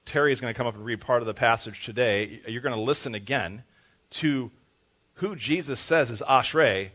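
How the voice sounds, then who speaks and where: A man's voice: mid-range voice, bright, forceful tone. A man preaching a sermon as pastor in a church, in a casual, joking way with lots of fillers. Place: church sanctuary. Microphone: handheld microphone.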